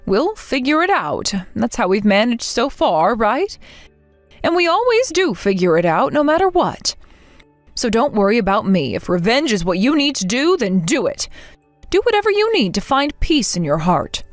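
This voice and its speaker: A woman voicing a gentle, resilient middle-aged mother who speaks soothingly and reassuringly, in a dramatized text story. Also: a little high, very animated, normal speed, no echo, soft background music. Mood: encouraging.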